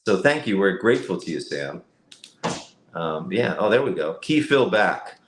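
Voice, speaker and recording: This deep-voiced man from Cleveland, Ohio is very animated as he speaks at a moderate pace, a guest voice actor on a casual live-stream interview held over video call. He's at home with a lighting kit, explaining reflectively with many fillers. The audio carries a roomy echo and a little hiss or hum.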